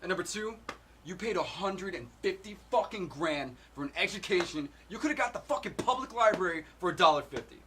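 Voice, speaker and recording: A man reciting a film monologue as a sharp young working-class man who quietly and condescendingly takes a grad student apart. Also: high voice, lively intonation, brisk, a little hiss or hum. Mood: cutting. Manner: quiet, cutting, condescending put-down.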